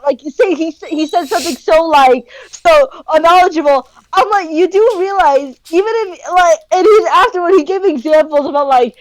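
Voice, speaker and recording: A young woman with a high, bright-sitting voice tells a rambling story on a casual podcast, stacking fillers and slangy asides. The sound is close and dry, with no room around it. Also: normal speed, hardly any pauses, dry recording, poor audio. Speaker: podcast co-host. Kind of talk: casual chat.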